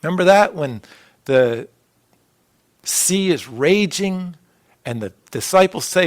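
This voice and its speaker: Earnest male pastor, slow preaching. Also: fairly high pitch, animated. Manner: earnest, rising and falling preaching with soft dropped phrases. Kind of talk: sermon. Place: church sanctuary.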